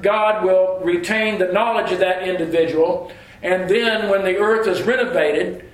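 A man's voice: high-pitched, fairly bright tone, reverberant, poor audio. A man preaching a sermon and teaching scripture verse by verse, often repeating words as he restarts his phrasing.

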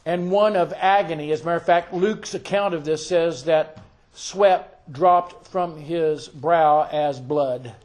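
A man preaching a sermon, slow and deliberate, quoting scripture aloud and asking the listeners questions. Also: a little high, darkish tone.

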